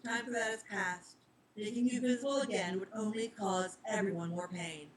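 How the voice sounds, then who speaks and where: A woman voicing a calm, stern male reaper of death who speaks in a measured, formal way in a storybook reading. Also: medium pitch, slight background noise, natural voice, rough recording. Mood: firm.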